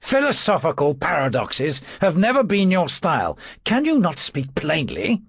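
A man voicing a dry, measured Roman general in an audiobook. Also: fairly high pitch, wildly swooping pitch, husky, no room sound, pitched above the performer's own voice, full character voice. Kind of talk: audiobook character voice.

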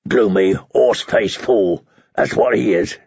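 A man's voice: fairly low pitch, unhurried, gravelly, darkish tone, husky, dry recording, dull audio, voice pushed down, full character voice. A man reading an audiobook, voicing a spiteful, sneering dog handler. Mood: sneering, bitter. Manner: sneering, scornful.

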